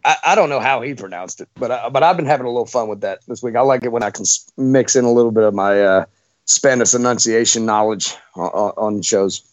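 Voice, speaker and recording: A man's voice: mid-range voice, fast talker, no room sound, lo-fi sound. Texan man rambling on a dry mic. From Texas, USA. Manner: rambling, many fillers and restarts. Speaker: podcast guest. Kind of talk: casual podcast chat.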